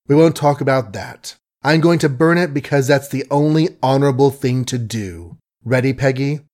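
A man reading an audiobook, voicing an earnest, honorable young man close to his own voice, measured and a little hesitant. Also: mid-range voice, darkish tone, close to an everyday voice.

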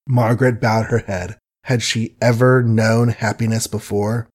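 A man narrating a novel in an even, unhurried literary reading. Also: fairly low pitch. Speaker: audiobook narrator. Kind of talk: scripted narration.

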